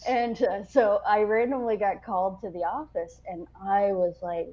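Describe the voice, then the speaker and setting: Woman, veteran podcast co-host, unhurried storyteller who laughs and swears, muffled lo-fi sound. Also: mid-range voice, warm tone. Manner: laughing, swearing anecdote-teller. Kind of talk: casual storytelling chat.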